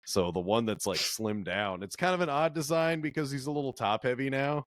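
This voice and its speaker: A man on a movie podcast, giving his take in a thoughtful, halting way with many fillers. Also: medium pitch, lively intonation, dry recording. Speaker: podcast co-host. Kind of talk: casual movie review chat.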